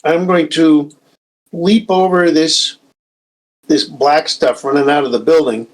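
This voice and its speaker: A man's voice: a little high, steady tone, slow pace, poor audio. A man playing a tabletop game, describing his character's moves in a playful, joking way. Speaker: player.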